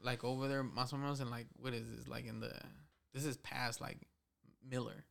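A man's voice: medium pitch, level tone, brisk, creaky. A man with a Chicano English accent from Southern California, chatting casually and slipping Spanish into his English. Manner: laid-back slangy talk, mixing Spanish into English. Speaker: podcast guest. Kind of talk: casual chat.

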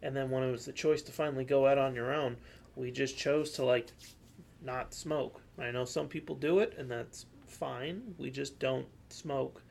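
A man's voice: medium pitch, moderate pace, creaky, a little mellow, slight background noise. A young man co-hosting a podcast in casual chat, rambling with lots of fillers and the odd swear word. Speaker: podcast co-host.

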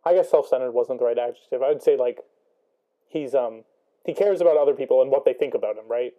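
A man's voice: mid-range voice, fast talker, mellow. A young man talking through a book chapter casually, thinking aloud with many ums and rhetorical questions. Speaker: student discussing a book.

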